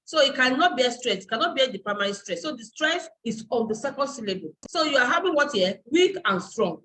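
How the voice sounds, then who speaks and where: A woman's voice: a little high, sharp tone, a little hiss or hum, low-quality recording. A woman university lecturer and dean giving a live online class, explaining step by step and searching aloud for terms.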